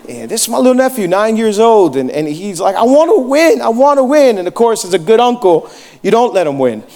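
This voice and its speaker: A man's voice: high-pitched, big pitch swings, fairly quick, dark tone. A young adult man preaching a sermon as pastor, telling jokey stories and putting questions to the crowd. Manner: joking, storytelling, asks the crowd questions.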